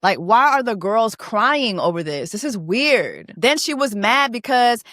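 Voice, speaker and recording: A woman casually recapping a reality show, animated, profane and laughing as she goes. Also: a little high, measured pace, no echo, clean studio sound. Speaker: reaction vlogger.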